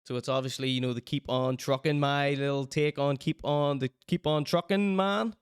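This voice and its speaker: A man's voice: medium pitch, steady tone, moderate pace, clean tone, dry recording, clean studio sound. A man hosting his own online show, plugging t-shirts in a joking, rambling, self-mocking way. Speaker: show host.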